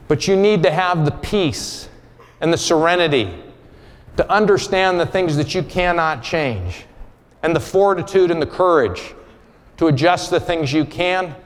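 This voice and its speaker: Man speaking in a reverberant hall. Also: a little high. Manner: candid, storytelling, blunt asides. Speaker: conference speaker. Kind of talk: keynote speech with personal story. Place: large conference hall.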